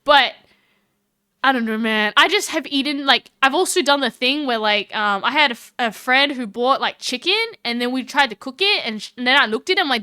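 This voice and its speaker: A high-voiced woman chats casually on her live stream. She is animated, laughing often and tripping over her words. Her voice sounds bright and dry, with no room around it. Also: brisk, smooth, dry recording. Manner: chatty and animated, with frequent laughs and restarts.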